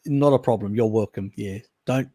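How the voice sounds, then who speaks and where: Mellow-voiced Australian man chatting. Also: fairly low pitch, normal speed, no echo, clean studio sound. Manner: loose, rambling, frequent restarts and chuckles. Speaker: live-stream host answering chat. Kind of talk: casual chat, reading and answering viewer questions.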